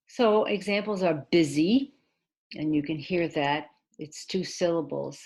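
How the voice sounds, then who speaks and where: A woman teaching English in a recorded video lesson, patiently explaining step by step, spelling out letters, with hesitant pauses and restarts. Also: lowish voice, gravelly, a little mellow. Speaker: ESL teacher.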